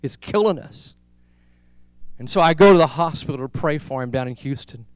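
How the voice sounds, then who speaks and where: High-voiced, resonant male pastor preaching. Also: lively intonation, normal speed, smooth, no room sound. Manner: storytelling preacher who builds to repeated rhetorical questions. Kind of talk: sermon.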